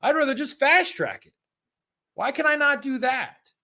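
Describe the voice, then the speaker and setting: An American man running a live-streamed exam prep lesson, chatty and energetic, reading out practice questions and answering viewers in the chat. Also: extremely high pitch, normal speed.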